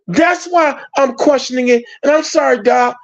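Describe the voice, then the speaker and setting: A man's voice: very high-pitched, moderate pace. A man speaking with passion and grievance in a heated online discussion, over dull lo-fi stream audio. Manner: passionate, aggrieved. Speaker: panel speaker.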